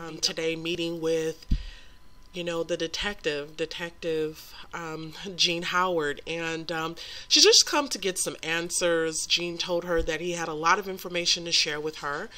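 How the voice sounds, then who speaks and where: A woman's voice: sits low, measured pace, bright, forceful tone. A woman hosting a life-simulation game series, chatting about the story in a gossipy, giggly way with lots of fillers. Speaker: let's play host narrating a life-sim story. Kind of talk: casual gameplay commentary.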